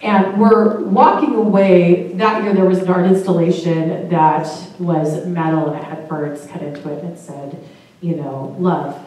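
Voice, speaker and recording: A woman's voice: lowish voice, steady tone, unhurried, darkish tone. A woman telling a personal story to a live audience in a casual, chatty way, laughing often and swearing now and then. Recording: very echoey room, voice far from mic.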